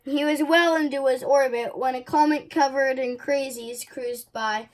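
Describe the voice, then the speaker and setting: A woman reading a children's picture book aloud in an expressive way. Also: high-pitched, unhurried. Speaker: storybook reader.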